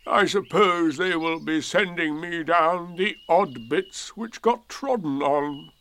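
A man voicing a gloomy, self-pitying old donkey in a storybook reading, with a slow, mournful, sarcastic delivery. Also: fairly high pitch, pushed and bright, clean tone, heavily acted.

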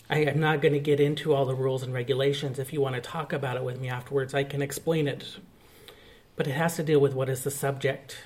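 Higher-voiced male pastor preaching. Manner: earnest, explanatory teaching. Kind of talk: sermon.

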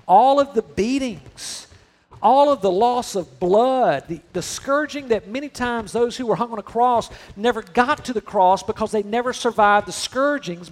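A middle-aged male pastor delivers a sermon in a conversational, humorous way. His voice sits fairly high for a man. He stretches key phrases out slowly for emphasis.

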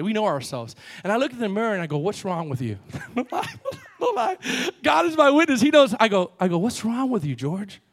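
A middle-aged man, a pastor, preaching a sermon in an animated way, swinging from loud peaks to low asides. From Cuban background.

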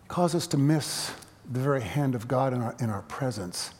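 A man's voice: mid-range voice, animated, normal speed. Middle-aged male preacher, dynamic sermon delivery, long church-hall reverb. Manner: dynamic preaching, swelling loud then dropping quiet. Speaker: pastor. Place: church sanctuary.

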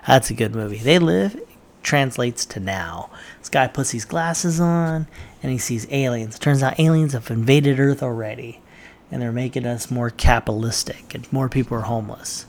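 Gravelly casual man riffing offhand. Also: mid-range voice, moderate pace, darkish tone. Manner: blunt, offhand opinions with frequent fillers. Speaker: vlogger reacting to movie lists. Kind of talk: casual off-the-cuff commentary.

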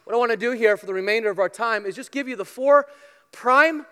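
A man preaching a sermon to his congregation, earnest and emphatic, with playful asides, swinging between loud stressed lines and quiet ones. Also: extremely high pitch, a little fast, smooth, big-room sound. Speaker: pastor. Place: church sanctuary with congregation.

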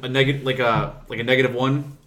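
A man's voice: medium pitch, fairly even intonation, brisk, fairly bright tone. A young man co-hosting a podcast, chatting casually and complaining in rambling, restarting sentences. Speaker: podcast co-host. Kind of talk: casual chat.

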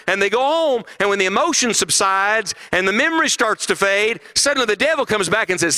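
A man's voice: sits high, a little fast, hardly any pauses, pushed and bright. A middle-aged man preaching a sermon at a conference, emphatic and full of rhetorical questions.

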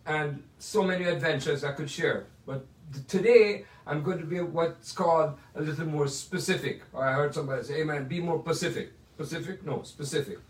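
An older Jamaican man with a slightly high voice tells stories in a chatty, playful way. He sits back from the mic in his home music room, and the small room rings with echo around his words. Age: 80s. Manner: chatty, playful, drawn-out asides. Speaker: musician sharing memories. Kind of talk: casual storytelling monologue. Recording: echoey room, mic at a distance.

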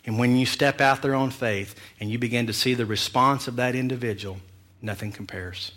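Bright-voiced pastor telling a story. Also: male voice, mid-range voice, moderate pace. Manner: animated, humorous storytelling with self-mocking asides. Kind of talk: storytelling sermon.

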